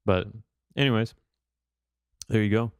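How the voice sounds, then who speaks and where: A man hosting a podcast, chatting casually and thinking out loud as he goes. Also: fairly low pitch, a little slow, smooth, no echo, studio quality. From United States. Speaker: podcast host. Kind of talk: casual chat.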